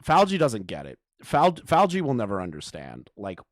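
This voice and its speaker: A man's voice: lowish voice, wildly swooping pitch, moderate pace, no echo, studio quality. A man doing casual live commentary on a clip, crude and mocking, often laughing. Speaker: streamer reacting to a clip.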